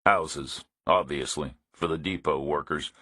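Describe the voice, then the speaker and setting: A man narrating a thriller audiobook in a measured, understated reading. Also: very deep voice, pushed and bright, husky, no echo, studio quality.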